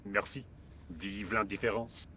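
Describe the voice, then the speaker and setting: An idle French workman in an adventure game who answers everything with languid, dry sarcasm. His tone is bright and forceful, and a faint hiss sits under the recording. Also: lowish voice, fairly even intonation, unhurried. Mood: indifferent. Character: lazy, indifferent male workman painter. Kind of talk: video game voice acting.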